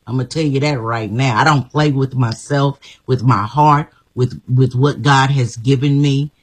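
A woman's voice: extremely low pitch, fairly even intonation, moderate pace, husky, low-quality recording. A woman guest telling her life story in an emphatic, repetitive, motivational way. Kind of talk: inspirational personal story.

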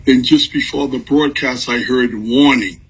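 Husky-voiced host introducing a pastor. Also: male voice, mid-range voice, fairly even intonation, measured pace, rough recording. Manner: earnest, speaks of what he heard from God. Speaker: broadcast host. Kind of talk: introducing a guest.

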